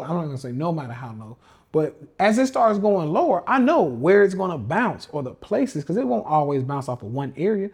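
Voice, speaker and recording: A man's voice: a little high, very animated, brisk, darkish tone, breathy edge. A man hosting a casual livestream rant as a trading coach, slangy and emphatic, often repeating himself. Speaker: podcast host and trading coach.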